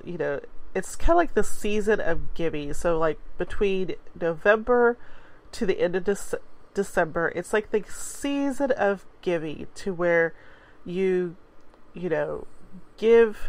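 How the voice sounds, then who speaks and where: Stuffy-nosed radio lady in her 40s just rambling, kinda low voice. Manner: rambling, laughs between thoughts. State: congested. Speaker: radio host. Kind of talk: casual chat.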